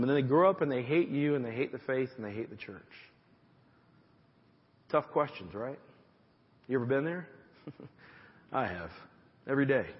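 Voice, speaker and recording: A pastor preaching a conversational sermon, with frequent direct asides to the congregation. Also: male voice, a little high, husky, long reverb tail, dull audio.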